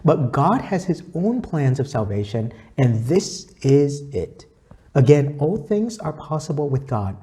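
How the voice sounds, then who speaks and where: A man's voice: a little high, very animated, a little slow, dark tone. A man giving a weekly gospel reflection, earnest and teacherly, quoting scripture and repeating his key points. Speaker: faith reflection speaker.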